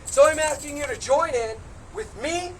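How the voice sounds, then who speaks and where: Crowd noise fills this distant street recording of a congressional candidate addressing a protest from outdoor steps. Her voice sits high and moves at a moderate pace, and her impassioned speech builds into shouted call-and-response.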